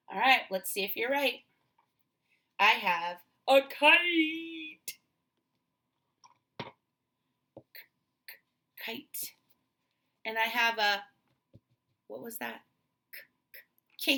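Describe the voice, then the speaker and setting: A woman's voice: on the high side, bright, forceful tone. A woman teacher giving an online lesson to young children, cheerful and coaxing with many questions, speaking into a laptop mic.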